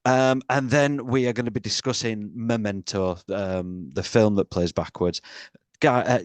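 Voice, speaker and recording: A man's voice: fairly low pitch, a little slow, no room sound. A man hosting a casual movie podcast, joking and teasing his co-host in a rambling way.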